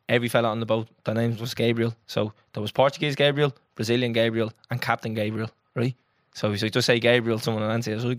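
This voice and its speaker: A young Irish man co-hosting a podcast, telling a story in an animated, sweary, casual way. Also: mid-range voice, dry recording, studio quality. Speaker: podcast co-host. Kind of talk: casual chat.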